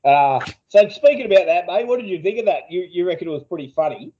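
A man's voice: high-pitched, expressive, fast, warm tone, slightly rough, dull audio. A man co-hosting a podcast, telling rambling crude anecdotes in casual banter. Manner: rambling anecdotes, frequent swearing, laughs at own stories. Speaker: podcast co-host.

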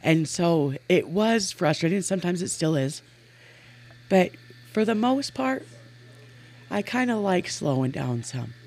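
A woman's voice: on the low side, lively intonation, a little slow, long pauses, darkish tone. A woman in her forties from Montana tells personal stories as a podcast guest. She speaks earnestly and with animation, often breaking into laughter. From Montana, USA. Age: 40s. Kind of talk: casual storytelling in an interview.

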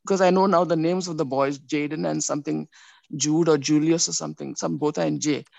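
A woman telling a personal faith story in a rambling, animated way, with many restarts. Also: low voice, brisk, vocal fry, no echo. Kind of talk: personal testimony.

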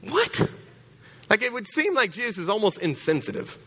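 A man preaching a sermon as pastor, animated and joking, acting out voices. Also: high voice, moderate pace. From Texas.

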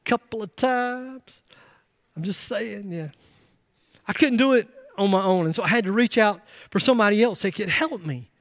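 High-voiced man preaching a lively sermon. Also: normal speed, no room sound, studio quality. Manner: emphatic, rising to loud bursts with joking asides. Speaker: pastor.

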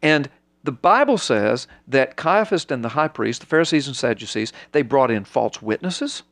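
A man's voice: moderate pace, no room sound. A preacher explaining scripture in a conversational, sermon-like way, acting out quotes with big jumps in his voice. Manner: animated, acts out quotes with big pitch jumps.

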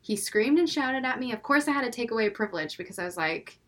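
Animated young mom telling stories. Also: female voice, fairly high pitch, quick pace. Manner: animated storytelling, acting out her son and herself. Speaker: podcast co-host, mother of a five-year-old. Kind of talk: casual chat.

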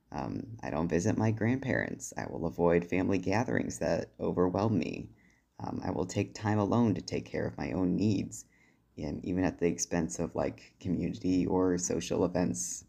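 A man with a deep voice leaving a firm, deliberate voicemail for a podcast. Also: vocal fry, dark tone. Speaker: voicemail caller. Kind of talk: recorded voicemail monologue.

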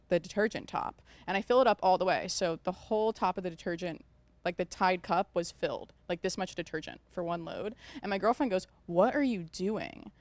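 A woman, a podcast guest, telling a story in casual chat, animated and quick to laugh. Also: on the low side, no echo.

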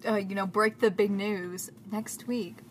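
A woman's voice: medium pitch, fairly even intonation, unhurried, a little hiss or hum. A young woman co-hosting a podcast in casual chat, rambling and self-deprecating. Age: young adult. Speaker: podcast co-host.

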